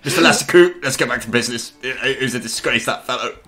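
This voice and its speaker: A man's voice: medium pitch, fast talker, sharp tone. A man playing the officer of an artillery crew over voice chat, with mock-formal orders and flustered stammering. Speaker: gamer commanding an artillery crew.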